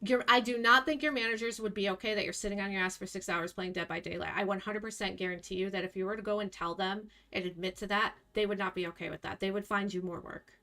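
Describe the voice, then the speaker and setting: A woman's voice: medium pitch, fairly even intonation, quick pace, hardly any pauses, bright, forceful tone. A young woman streamer ranting bluntly at her chat, scolding and exasperated, swearing freely. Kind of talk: live stream rant at chat.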